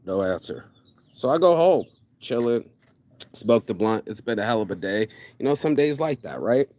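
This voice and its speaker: A man tells a personal story as a casual rant, acting out both sides of the conversation and cursing freely with animated energy. His voice is mid-range at a normal speed, with no room sound.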